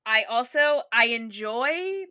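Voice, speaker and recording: A woman's voice: on the high side, expressive, takes it slowly, sharp tone, clear, resonant tone. A woman co-hosting a podcast, chatting casually and enthusiastically about a TV episode, with lots of "like". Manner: chatty, peppered with "like". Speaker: podcast co-host. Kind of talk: casual chat recapping a TV episode.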